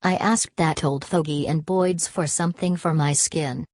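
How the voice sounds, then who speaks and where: A woman reading a bold young barmaid who mocks and yells with laughter. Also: deep voice, fairly even intonation, normal speed, dry recording, studio quality. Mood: teasing. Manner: mocking, yelling.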